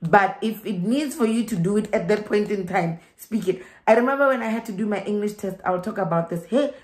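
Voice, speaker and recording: A young South African woman with a medium-pitched, brisk voice gives migration advice in a chatty vlog, her South African accent clear in a roomy-sounding space. She laughs often and repeats herself to drive points home.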